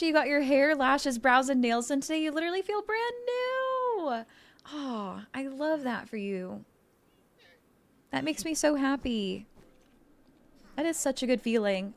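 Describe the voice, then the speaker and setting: A woman streamer chatting casually with her viewers in a bubbly, effusive, giggly way. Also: on the high side. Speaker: livestreamer. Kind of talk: casual livestream chat with viewers.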